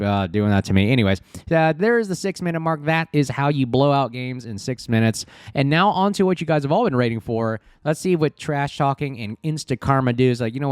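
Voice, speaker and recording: A man giving casual, excitable gameplay commentary over a desk mic, chatty and full of fillers. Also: medium pitch, clear, resonant tone, no echo, clean studio sound.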